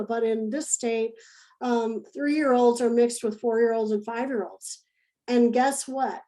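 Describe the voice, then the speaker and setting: Woman, early childhood education instructor, mellow and fairly high voice, chatty, demonstrative delivery. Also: low-quality recording. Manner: conversational, demonstrative, repeats key phrases. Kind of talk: recorded lesson.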